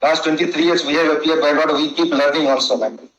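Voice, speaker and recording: A man's voice: on the high side, fairly even intonation, fast, a bit bright, reverberant, lo-fi sound. A man arguing as a lawyer in a courtroom, insistent and deferential. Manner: insistent, then apologetic. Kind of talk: courtroom argument.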